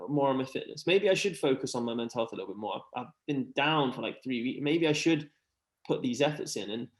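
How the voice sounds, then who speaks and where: A man's voice: mid-range voice, expressive, fairly quick. Earnest rambling man, roomy echo. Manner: earnest, rambling, many "like" fillers. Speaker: podcast guest. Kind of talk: casual chat.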